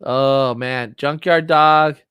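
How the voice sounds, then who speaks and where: A middle-aged man hosting a casual livestream chat, excitable and rambling as he reminisces. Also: medium pitch, slow, smooth, no echo, muffled recording. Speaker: livestream host. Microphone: streaming setup, close mic.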